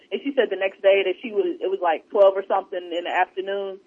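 A man's voice: fast talker, few pauses, husky. A man on a podcast in casual chat, telling stories with lots of energy and acting out what people said. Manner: animated storyteller, acts out quotes in a higher voice. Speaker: podcast co-host. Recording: dull lo-fi sound.

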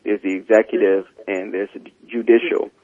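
A man's voice: lowish voice, flat delivery, moderate pace, mellow, no room sound, dull audio. A man from South Carolina co-hosting a radio show, talking earnestly and pleading with listeners.

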